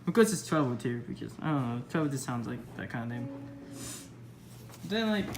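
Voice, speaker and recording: A woman's voice: extremely low pitch, big pitch swings, brisk, darkish tone, faint music behind. A woman casually rambling over her old story, mocking herself with lots of fillers. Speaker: vlogger.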